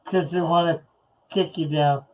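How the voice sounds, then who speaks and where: A man's voice: a little high, fairly even intonation, measured pace, a little mellow, a little hiss or hum, low-quality recording. A man hosting a late-night live stream chat, reading comments aloud in a laid-back, chuckling way. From Canada. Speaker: host.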